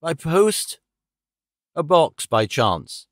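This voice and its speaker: A man's voice: on the high side, very animated, extremely slow, fairly bright tone, no room sound, clean studio sound, full character voice. A man voicing a cold, gloating middle-aged male villain who mocks and menaces his dying victim. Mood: menacing. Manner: sneering, menacing, mocking.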